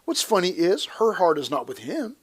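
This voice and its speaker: High-voiced man preaching a lively sermon. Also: normal speed, husky. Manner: animated, emphatic, with playful asides and restarts. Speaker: pastor. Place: church service before a congregation.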